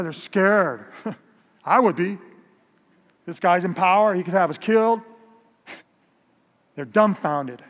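Storytelling pastor in a reverberant hall. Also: male voice, sits high. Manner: animated storytelling, repeats words. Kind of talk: sermon. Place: large church hall. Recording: long reverb of a large hall.

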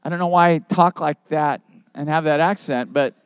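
A man's voice: a little high, normal speed, smooth, no echo. A man preaching a sermon as pastor, emphatic, with rhetorical questions to the congregation.

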